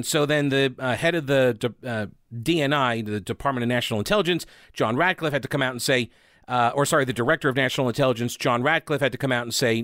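A man's voice: fairly high pitch, fairly bright tone, dry recording, clean studio sound. A man giving sarcastic, conversational political commentary, reading news headlines aloud between his remarks.

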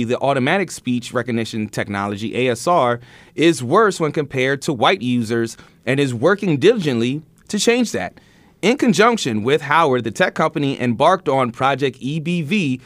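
A man's voice: a little high, no room sound. A man hosting a casual news podcast, chatty and laughing often, with many restarts.

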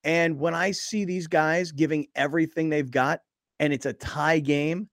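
A male sports radio host talks in a dead, dry studio sound. His voice sits a bit high for a man. He is chatty and self-deprecating, and he leans hard on the points he cares about. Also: fairly even intonation, normal speed, a bit bright, no echo. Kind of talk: casual sports talk radio. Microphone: studio microphone.

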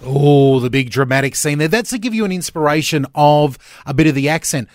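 A man's voice: on the high side, animated, no echo. A man hosting breakfast radio, chatty and joking with his co-host. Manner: chatty, joking, quick to laugh. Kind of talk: upbeat radio banter. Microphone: studio microphone.

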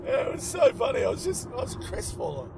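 A man's voice: high voice, huge pitch swings, fast talker, gravelly, noisy background. An Australian man in his fifties, a comedian and podcast co-host, telling rambling stories in casual chat with lots of fillers.

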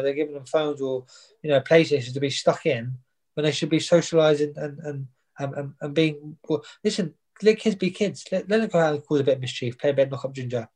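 A man's voice: fairly high pitch, a little mellow, rough recording. A young man, a boxer chatting casually in an interview and rambling with plenty of fillers and repeats. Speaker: boxer guest. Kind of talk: casual chat.

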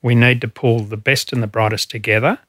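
An Australian man in middle age answers interview questions in an earnest, feeling way, pausing on fillers as he thinks. His voice sits at an ordinary pitch and is recorded close and dry, with no room sound. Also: steady tone, a bit bright, no room sound. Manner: earnest, emotional storytelling, frequent fillers. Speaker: former fire commissioner.

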